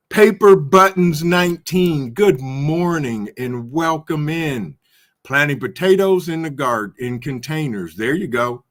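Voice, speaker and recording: A man's voice: fairly high pitch, fairly bright tone. A man hosting a casual livestream, reading viewer comments aloud and greeting each one by name with a chuckle. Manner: chuckles often. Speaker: livestream host reading chat. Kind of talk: casual chat.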